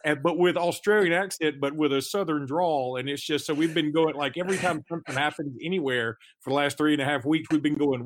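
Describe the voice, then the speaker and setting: A man's voice: a little high, a little fast, few pauses. Rambling, chatty man co-hosting a podcast. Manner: rambling, self-interrupting storyteller. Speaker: podcast co-host. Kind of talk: casual sports podcast chat.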